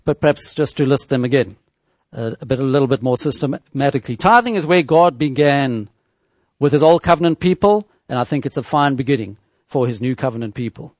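A man preaching a sermon in a measured teaching tone, with rhetorical questions and frequent restarts. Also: medium pitch, no room sound.

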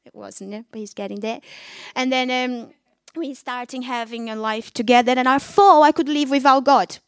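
Brief: woman, high voice, dry close sound, fervent testimony preaching, non-native English phrasing. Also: normal speed, clean tone, dry recording. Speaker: speaker giving her testimony. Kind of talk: testimony preaching to a young audience.

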